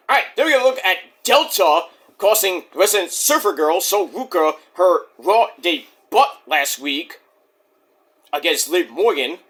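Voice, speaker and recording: In a casual solo vlog, a man reviews a wrestling show, excitable and profane, acting out quotes in silly voices. His voice sits high.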